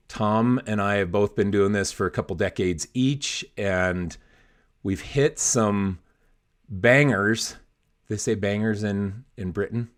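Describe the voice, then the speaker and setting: A middle-aged man co-hosts a casual business podcast. His voice sits a touch low. He keeps things upbeat and joking and laughs easily. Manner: upbeat, jokey, laughs often. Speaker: podcast co-host.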